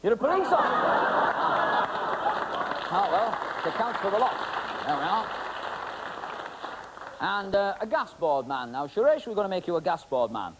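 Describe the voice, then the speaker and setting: Magician guy doing comic patter on stage, bouncy up and down voice, a bit high, lots of ums and teasing. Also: animated, normal speed, pauses often, heavy background noise. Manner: joking, rambling, teasing, full of ums.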